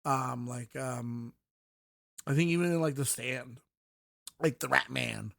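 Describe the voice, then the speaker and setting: A man's voice: medium pitch, slow, vocal fry, fairly bright tone, dry recording. Rambling male podcast host, dry sound. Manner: rambling, many fillers and restarts; mocking voices when quoting. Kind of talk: casual book review talk.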